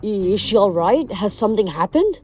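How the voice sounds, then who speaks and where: A woman's voice: medium pitch, big pitch swings, brisk, mellow, slightly rough, soft background music. A woman voicing a distracted, absent-minded middle-aged professor and father.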